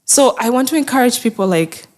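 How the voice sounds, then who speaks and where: A woman's voice: on the high side, animated, brisk, a little mellow. A woman mental health therapist speaking as an interview guest, earnest and encouraging, often acting out people's inner thoughts. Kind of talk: conversational interview.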